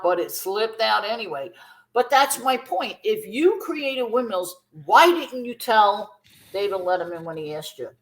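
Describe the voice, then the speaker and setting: A woman's voice: medium pitch, low-quality recording. A woman in her fifties, a former b-girl dancer, telling her story bluntly and emphatically as an interview guest, with free swearing.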